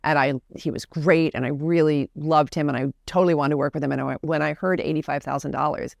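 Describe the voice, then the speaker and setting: Gravelly-voiced woman telling a candid story. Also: low-pitched, fairly even intonation, quick pace, no room sound, clean studio sound. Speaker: podcast guest.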